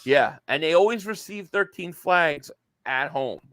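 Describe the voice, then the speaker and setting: A man's voice: a little high, lively intonation, unhurried, fairly bright tone, clean tone, no room sound, studio quality. A man hosting a casual sports podcast, rambling with plenty of fillers and reading viewer messages aloud. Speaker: podcast host.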